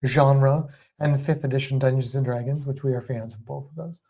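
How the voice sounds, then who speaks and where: A woman's voice: very deep voice, steady tone, brisk, mellow. A woman co-hosting a livestream in casual, playful chat, teasing and trailing off mid-thought. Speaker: livestream co-host.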